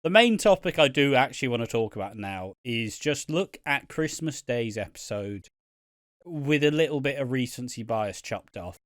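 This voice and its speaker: A man's voice: mid-range voice, moderate pace, no echo, clean studio sound. A man co-hosting a casual podcast, swearing freely and ranting with lots of laughs. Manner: swears a lot, animated rants, laughs often. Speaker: podcast co-host.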